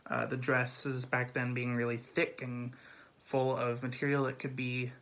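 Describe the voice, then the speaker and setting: A man talks through a play summary in a loose, chatty way, dotted with fillers and quick acted-out asides. His voice sits at an ordinary middle pitch. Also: completely flat delivery, a bit bright. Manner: chatty, filler-heavy, lots of "um" and "like". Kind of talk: casual literature summary.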